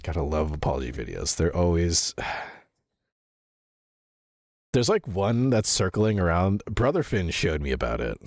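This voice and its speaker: A deep-voiced man chats loosely with his stream audience, laughing often and swearing without a second thought. His pitch swings widely as he rambles through restarts and fillers. The sound is close and dry, with no room around it. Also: very animated, normal speed, darkish tone, no echo. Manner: rambling, with fillers and self-corrections. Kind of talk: casual chat reading viewer messages.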